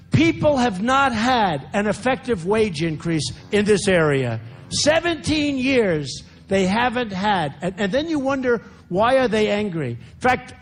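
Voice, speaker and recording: An older American man with a New York accent and a high, slightly rough voice gives a campaign speech as a candidate at a large indoor rally. His phrasing is repetitive and boastful, broken up by chatty asides to the crowd.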